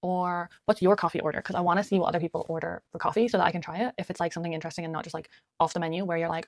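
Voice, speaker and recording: A woman's voice: on the low side, steady tone, rapid-fire, no room sound. A woman chatting casually at home while doing her makeup, muttering little asides to herself as she works. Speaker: beauty vlogger. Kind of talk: chatty get-ready-with-me talk.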